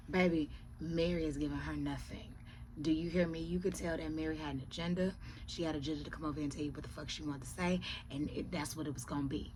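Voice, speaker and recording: A woman reviewing reality TV in casual, profane chat who often drops to hushed asides. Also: sits low, brisk, a little hiss or hum.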